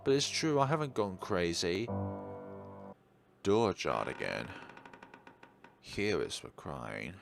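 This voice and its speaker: Man, horror game let's play, wry remarks, animated intonation. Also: sits low, slow, gravelly, pauses often, faint music behind. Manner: wry asides, reads all roles aloud. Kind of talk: horror game commentary and dialogue reading.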